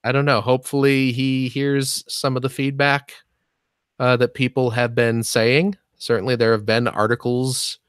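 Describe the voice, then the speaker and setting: A man co-hosting a podcast, talking in an earnest, halting way with jokey asides. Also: medium pitch, flat delivery, clean tone, dry recording, clean studio sound. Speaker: podcast co-host. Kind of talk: casual podcast chat.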